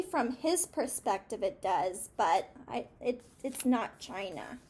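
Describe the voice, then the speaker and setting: Woman reading to children, storybook, high lively voice, slow unhurried pace. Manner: expressive, stops to ask the listeners questions. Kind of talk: children's read-aloud.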